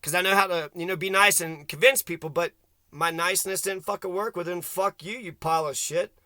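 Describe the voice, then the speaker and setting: A man's voice: sits high, fairly even intonation, fairly quick, pushed and bright, no room sound. A man ranting angrily to camera outdoors, swearing constantly and rambling as he vents. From Kentucky. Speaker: vlogger. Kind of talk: angry profane rant to camera.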